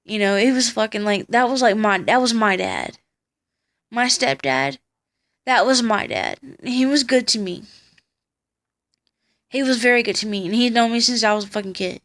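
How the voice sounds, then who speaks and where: A woman's voice: fairly high pitch, animated, normal speed, pauses often, a bit bright. A tired young woman telling a personal story on her vlog, blunt and profane as she recounts it. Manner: blunt and profane, heated retelling. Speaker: vlogger.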